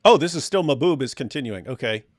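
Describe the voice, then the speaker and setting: A man's voice: mid-range voice, lively intonation, fast, dry recording, clean studio sound. A man reading a news article aloud and breaking in with sarcastic commentary, mocking the text as he goes. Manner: mocking, reads quotes aloud then interjects.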